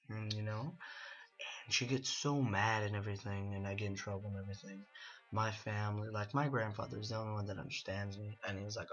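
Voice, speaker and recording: Rambling young man with a bright voice. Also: fairly low pitch, steady tone, brisk. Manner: rambling, full of "you know" and "like", laughs at his own story. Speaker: gaming video host. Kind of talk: casual storytelling over gameplay.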